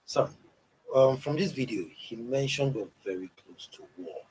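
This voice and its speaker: A man hosting a news discussion, asking measured questions. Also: medium pitch, lively intonation, darkish tone, a little hiss or hum, rough recording. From Nigeria. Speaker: news show host. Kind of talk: studio discussion.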